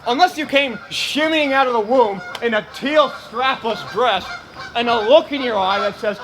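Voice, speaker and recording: A man's voice: moderate pace, echoey room, background noise. A man playing a fussy, theatrical, indignant middle-aged suburban woman in a comedy web series. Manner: dramatic, indignant, swooping pitch.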